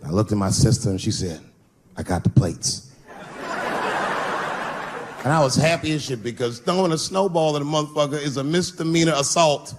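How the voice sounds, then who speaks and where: A man performing stand-up comedy on stage in front of a live audience, animated and bursting into shouts. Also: fairly high pitch, quick pace, hardly any pauses. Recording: noisy live show recording.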